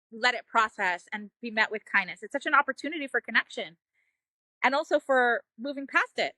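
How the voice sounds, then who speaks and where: High, bright earnest woman. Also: no room sound. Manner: earnest, emotional, frequent "like" and "you know". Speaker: parenting guest, mother. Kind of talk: heartfelt personal storytelling.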